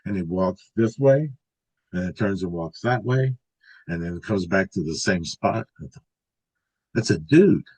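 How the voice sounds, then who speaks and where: Low-voiced older man telling a story. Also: expressive, normal speed, a little mellow, breathy edge, poor audio. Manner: rambling, restarts and filler words. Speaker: interview guest recounting an encounter. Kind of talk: casual storytelling.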